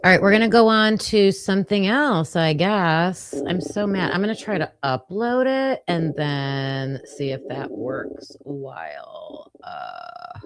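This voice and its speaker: A woman's voice: lowish voice, expressive, slow pace, hardly any pauses, dry recording. A woman hosting a true crime livestream, chatting casually and flustered while sorting out her computer setup. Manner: flustered, chatty, self-talking while fixing tech. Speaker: true crime show host.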